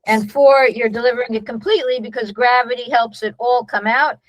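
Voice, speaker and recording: A woman's voice: fairly high pitch, fairly even intonation, a little fast, no room sound, rough recording. A middle-aged woman, a nurse-midwife, explaining a birth protocol in a conversational way, full of restarts and fillers.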